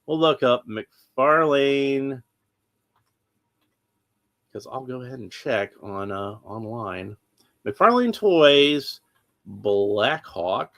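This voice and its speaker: A man's voice: mid-range voice, very animated, very slow, pauses often, a bit bright. A man hosting a casual toy-collecting live stream, chatty and rambling, with many restarts and tangents.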